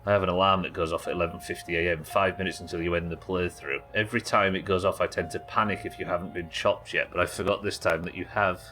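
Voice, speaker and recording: Man, game streamer, casual chat, low voice, faint music behind. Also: steady tone, quick pace, few pauses, pushed and bright. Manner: casual, chatty, laughs often. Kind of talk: live gameplay commentary.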